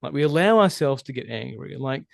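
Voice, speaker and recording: A man talking as a relationship coach in a podcast interview, animated and emphatic, swearing freely. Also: medium pitch, brisk, gravelly, no echo, studio quality. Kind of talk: casual interview conversation.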